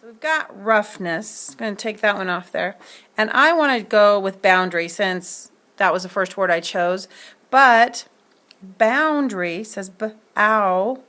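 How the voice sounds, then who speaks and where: Slow, careful woman teaching phonics. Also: medium pitch, sharp tone. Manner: slow, careful, sounds words out letter by letter. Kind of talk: phonics lesson to camera.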